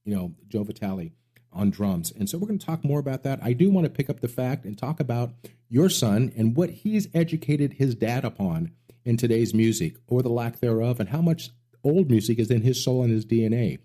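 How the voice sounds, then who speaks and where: A man's voice: mid-range voice, expressive, a little fast, warm tone. A middle-aged man hosting a music radio show, telling rambling stories with enthusiasm. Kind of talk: casual interview chat.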